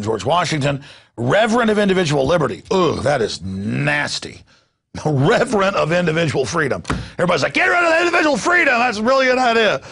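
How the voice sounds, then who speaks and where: Brief: fiery male talk show host, gravelly and husky, sarcastic ranting delivery. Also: on the high side, a bit bright. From United States. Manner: ranting, sarcastic, mocking asides. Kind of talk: talk radio rant.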